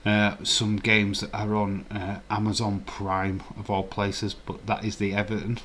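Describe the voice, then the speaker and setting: A man's voice: on the low side, completely flat delivery, measured pace, fairly bright tone, slight background noise. A man hosting a casual live stream, rambling and chuckling while reading the chat. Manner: rambling, chuckling, chatty asides.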